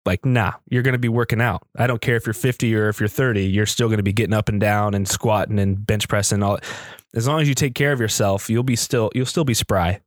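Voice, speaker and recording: A man in his thirties co-hosting a casual podcast chat, thinking out loud in a rambling way with restarts and acted-out quotes. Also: lowish voice, steady tone, fairly quick, no echo, studio quality. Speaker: podcast co-host.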